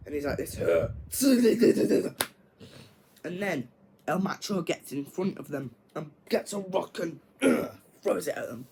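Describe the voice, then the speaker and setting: A man's voice: on the high side, a little hiss or hum, poor audio. A man casually retelling his own version of a film plot, rambling with lots of fillers and mouth sound effects. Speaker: video creator.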